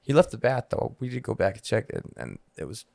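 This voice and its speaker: Man, gravelly voice, dry studio sound, profane rambling storyteller. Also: lowish voice, sing-song, fairly quick, darkish tone, no room sound. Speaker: podcast co-host. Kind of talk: casual chat, storytelling.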